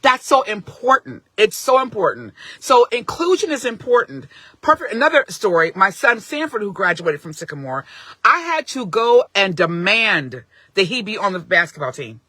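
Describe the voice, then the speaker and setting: A middle-aged woman speaks into her phone on a live stream, her voice bright and forward. The room sound is dry and close. She talks earnestly and with emphasis, often restarting her sentences mid-thought. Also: medium pitch, very animated, moderate pace, no room sound. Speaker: parent advocate streaming live. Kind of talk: casual live-stream talk.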